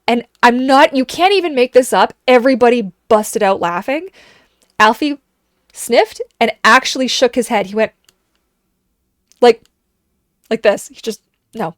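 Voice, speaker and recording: Woman in her 30s, casual streamer, animated storyteller, dry studio sound. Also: a little high, a little slow, pauses often, dry recording. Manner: animated storyteller, acts out quoted voices. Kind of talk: casual chat.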